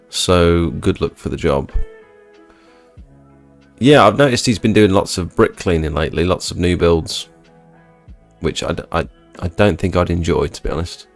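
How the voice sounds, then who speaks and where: A young man hosting a live stream, reading chat and chatting in a laid-back, low-energy way. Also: creaky. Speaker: livestream host reading chat.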